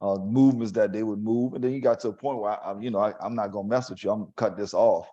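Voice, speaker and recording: A man hosting a talk show, asking thoughtful, measured questions in a conversational way. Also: on the low side, steady tone, warm tone, highs cut off. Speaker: host.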